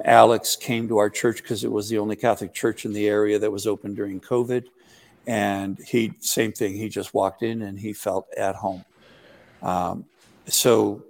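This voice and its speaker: A man's voice: fairly low pitch, vocal fry, darkish tone. A man who is a priest, answering interview questions in a rambling, explanatory way with frequent fillers. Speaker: Byzantine Catholic priest.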